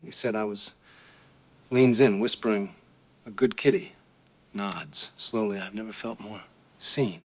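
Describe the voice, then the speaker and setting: A man voicing an awkward gamer who tells a deadpan story and reads pauses aloud. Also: fairly low pitch.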